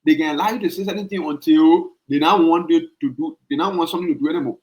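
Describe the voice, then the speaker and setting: A man with a Liberian English accent hosting a podcast and arguing his point, repeating himself and jumping up high when worked up. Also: fast talker, a little mellow, low-quality recording. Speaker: podcast host. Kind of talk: heated podcast debate.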